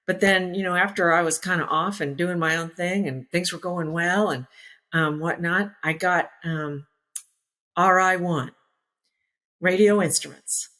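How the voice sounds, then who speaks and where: Low-voiced woman in her sixties, storytelling. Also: unhurried. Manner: lively, acts out quoted voices, laughs easily. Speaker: former naval aviator, interview guest. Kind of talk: casual anecdotal storytelling.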